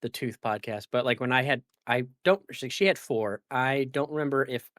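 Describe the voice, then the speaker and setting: A man's voice: medium pitch, moderate pace, fairly bright tone, dry recording. Rambling male podcast host, dry sound. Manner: rambling, filler-heavy and self-correcting. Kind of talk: casual podcast chat.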